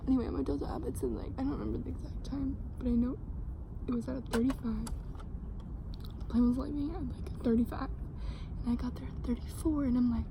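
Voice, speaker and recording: Teen girl vlogger, casual storytime, high voice, rambling with restarts and cursing. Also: steady tone, fairly quick, pauses often, noisy background. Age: teens. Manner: rambling, swears a lot, many restarts and fillers.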